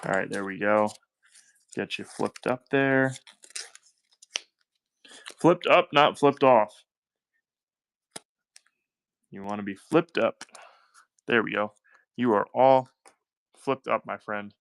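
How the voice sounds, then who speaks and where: A man's voice: on the low side, fairly even intonation, unhurried, vocal fry, pauses often, clear, resonant tone, dry recording. Upbeat Southern man running auctions. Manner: upbeat, chatty, thanks buyers by name. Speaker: live-stream coin auction host. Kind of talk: live auction selling patter.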